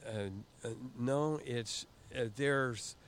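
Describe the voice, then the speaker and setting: An older man telling stories in a casual interview, halting and often repeating words as he goes. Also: medium pitch, steady tone, clean tone. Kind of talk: casual storytelling.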